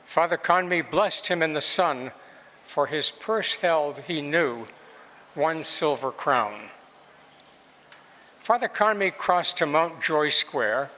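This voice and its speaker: A man giving an unhurried, expressive public reading of literary prose, with measured, lilting phrasing. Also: a little high. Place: museum reading space with long reverb. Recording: long hall reverb.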